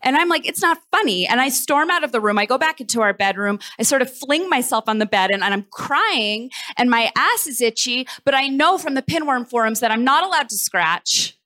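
A woman with a slightly high, bright and forceful voice tells a funny personal story to a live audience. She is confessional and self-mocking, and she lets her words tumble out in quick rushes as the story heats up. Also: lively intonation. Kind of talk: live comic storytelling performance. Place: festival stage.

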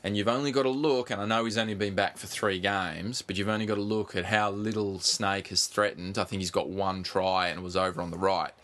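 A man co-hosting a casual sports podcast, animated, swearing freely and pushing on through interruptions. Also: sits low, fairly quick, hardly any pauses. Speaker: podcast co-host.

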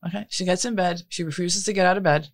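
A woman's voice: on the low side, fast talker, dry recording, clean studio sound. A middle-aged woman, telling a long story in casual chat and acting out what others said. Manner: animated storytelling, acts out quotes.

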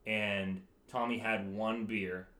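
A man co-hosting a casual podcast, talking in a loose, chatty way. His voice sits a little low, and the sound bounces around a roomy, echoing space. He laughs easily between his points. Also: takes it slowly. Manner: relaxed, chatty, laughs often. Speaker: podcast co-host. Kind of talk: casual chat.

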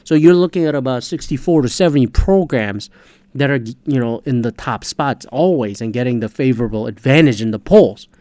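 A man's voice: medium pitch, brisk, dark tone, no room sound. A man hosting a podcast, ranting in a casual, heated, profanity-laced monologue. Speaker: podcast host.

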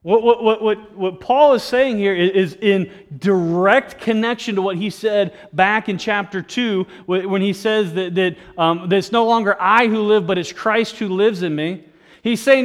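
A man preaching a sermon as pastor, animated, often restarting words and adding jokey asides to the congregation. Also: sits high, moderate pace.

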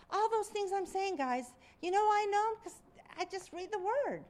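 Lively high-voiced woman preaching. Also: moderate pace. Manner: conversational preaching, lively storytelling with acted quotes. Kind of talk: sermon.

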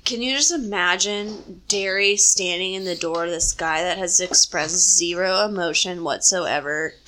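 Low, bright-toned woman chatting. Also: a little slow, a little hiss or hum. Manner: engaged, chimes in with short reactions. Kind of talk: casual book discussion.

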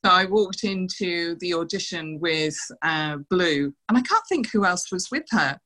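A middle-aged woman recounts her days as a dancer, slipping into other people's lines as she tells each story. Her voice sits a little low, yet it comes across crisp and bright. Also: a little slow, low-quality recording. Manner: animated anecdotes, quoting others with laughs. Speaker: interview guest, former showgirl dancer. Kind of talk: casual storytelling interview.

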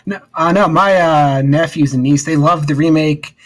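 A man chatting as a podcast co-host, his voice on the higher side. He sounds eager and nostalgic, often breaking off and restarting his sentences. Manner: enthusiastic, nostalgic, halting restarts. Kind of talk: casual chat.

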